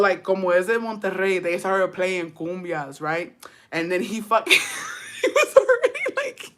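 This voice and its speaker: This Texas streamer has a fairly low, fairly bright voice. She tells her live chat a story, swearing freely, slipping into Spanish and laughing quickly.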